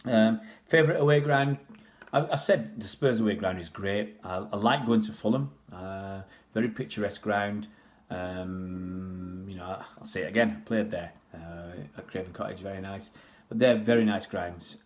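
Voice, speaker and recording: Speaking at a moderate pace in a deep voice, this Pakistani-born man raised in England rambles through viewers' questions during a relaxed livestream. He's talkative, often starting over and leaning on filler words.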